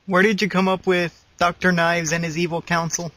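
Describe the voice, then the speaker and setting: Guy interviewer, high voice, rattles off questions fast, dry sound. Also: flat delivery, bright, forceful tone, no room sound.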